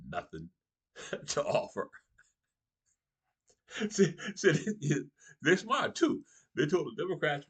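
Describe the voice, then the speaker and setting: A husky-voiced middle-aged male comedian with a lively, swooping delivery. He talks straight to his audience in a political comedy monologue and chuckles between his lines. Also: mid-range voice. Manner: animated, laughs between lines, addresses the audience directly.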